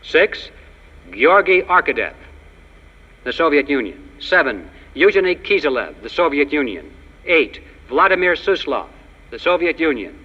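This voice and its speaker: Man speechmaking in an echoing hall. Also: mid-range voice. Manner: emphatic, ironic, tells jokes. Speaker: public speaker. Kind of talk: political speech to an audience. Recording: dull lo-fi archive recording of a speech in a long-reverb hall.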